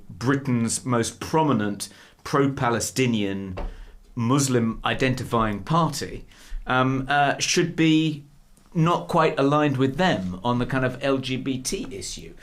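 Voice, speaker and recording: Middle-aged podcast co-host, casual and halting delivery with frequent fillers. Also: male voice, mid-range voice. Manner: hesitant, many fillers and restarts. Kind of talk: casual chat.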